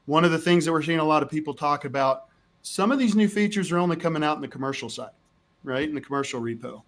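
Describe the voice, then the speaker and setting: A man's voice: fairly high pitch, quick pace, a bit bright. A man hosting a casual tech show, asking questions eagerly. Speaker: show host.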